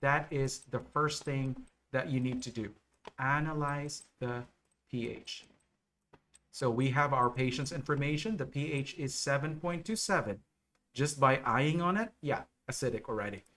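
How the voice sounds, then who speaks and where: A man teaching nursing exam material on a live stream, explaining slowly and checking in with viewers often. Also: mid-range voice, fairly bright tone. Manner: slow, repetitive explaining with frequent okay and right checks.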